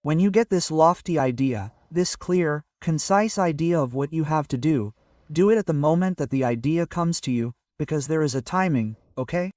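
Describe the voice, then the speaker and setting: A man's voice: on the high side, moderate pace, a little mellow, no echo, studio quality, recorded from a distance. A man giving an earnest, casual motivational talk to camera and often checking in with "okay?". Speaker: motivational vlogger. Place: at home early in the morning.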